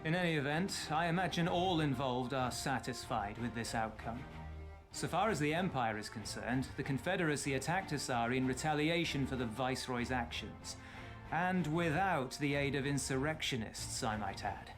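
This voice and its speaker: An actor playing a courteous male diplomat in a video game, speaking in a smooth, measured way. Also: medium pitch, lively intonation, over music, close to an everyday voice.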